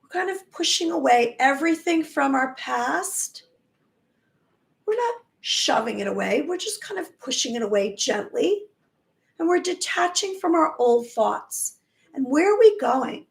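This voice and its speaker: A woman with a high voice hosts a casual live stream, offering encouragement and affirmations. She now and then stumbles over her words, and her voice sounds worn, as if she is losing it. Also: expressive, a little slow, gravelly. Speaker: spiritual teacher hosting a live stream.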